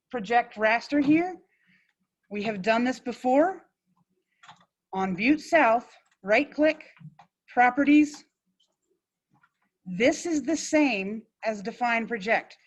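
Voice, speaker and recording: A woman instructor giving a classroom software demonstration, blunt and informal, with quick asides to her students. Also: a little high, lively intonation, lo-fi sound. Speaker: GIS instructor.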